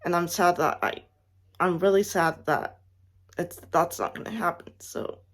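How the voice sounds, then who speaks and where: Young woman, close to tears, slightly low voice, halting, sighing, many restarts, emotional farewell. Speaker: fan vlogger. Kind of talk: emotional farewell message to camera.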